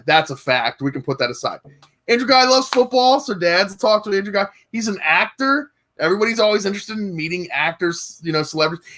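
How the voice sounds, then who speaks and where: A man's voice: high voice, pushed and bright. A man competing in a comedic podcast debate, arguing in a playful, hyped-up way.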